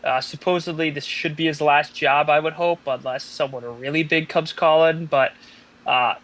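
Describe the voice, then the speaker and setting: A man's voice: a little high, fairly even intonation, normal speed, a bit bright. A man co-hosting a sports podcast, giving opinions in a hesitant way with frequent fillers. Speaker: podcast co-host. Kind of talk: casual sports analysis chat.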